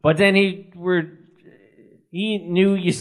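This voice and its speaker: A man's voice: high voice, flat delivery, slow pace. A man, co-hosting a sports podcast as producer, telling stories and teasing his host in a dry way. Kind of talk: casual sports podcast chat.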